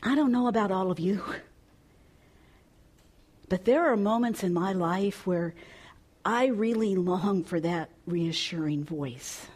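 Slow, expressive woman preaching a sermon. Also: medium pitch, slightly rough. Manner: expressive, dropping to soft and hushed. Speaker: pastor. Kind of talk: storytelling sermon.

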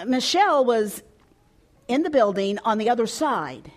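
A woman pastor delivers a storytelling sermon in an unhurried, measured way. Her voice sits a little on the high side. She is expressive, and at times she lowers to a soft, hushed tone.

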